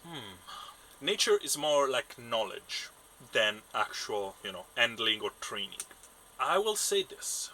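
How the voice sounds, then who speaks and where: A man running a tabletop game as game master, narrating what happens in a halting, stop-start way. His voice is very bright and tense. He restarts his phrases often. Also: medium pitch, very animated, low-quality recording.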